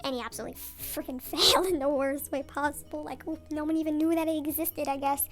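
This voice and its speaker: A woman's voice: fairly even intonation, quick pace, a bit bright, faint music behind. A young woman ranting sarcastically and rambling off-topic late at night in her bathroom, her voice digitally sped up. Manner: rambling, sarcastic, off-topic, with swearing and mock outrage. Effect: voice digitally sped up and pitched up. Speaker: YouTuber. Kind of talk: late-night rant vlog.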